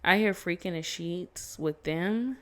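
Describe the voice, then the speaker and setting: Woman, tarot reader, casual reading, blunt, swears a lot, laughs often, slightly low pitch. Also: takes it slowly, a bit bright. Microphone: phone.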